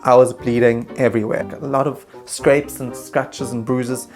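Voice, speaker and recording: A man telling a comedic travel story in a vlog, animated and self-mocking, slipping into quick put-on voices. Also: mid-range voice, soft background music.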